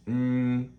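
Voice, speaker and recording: A man in his forties ranting in a casual vlog. He rambles with halting restarts and sounds frustrated. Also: mid-range voice, a bit bright.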